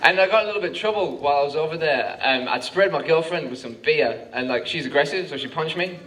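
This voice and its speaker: A young Australian man performs a rambling stand-up set on a comedy club stage, heavy with filler words and broken up by frantic rants, as the audience laughs. His voice is on the high side, fast, and fairly bright, captured in a noisy live recording from a distance.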